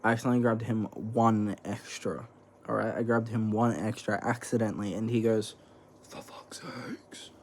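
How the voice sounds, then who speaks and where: A man's voice: lowish voice, steady tone, fairly quick, slight background noise. A young man, chatting casually in a rambling, slangy vlog while snacking, swearing freely. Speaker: vlogger. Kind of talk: casual eating vlog chat.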